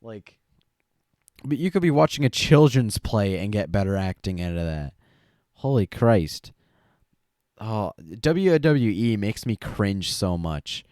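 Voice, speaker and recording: This young co-host's podcast chat rambles casually, packed with fillers and laughs. He speaks slowly but very animatedly in a lowish, darkish voice, and the clean studio recording has no echo.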